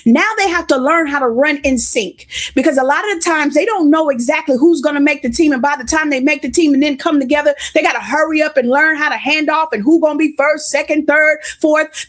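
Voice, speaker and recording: A woman preaching a conversational sermon, a little congested, greeting listeners by name as she goes. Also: high-pitched.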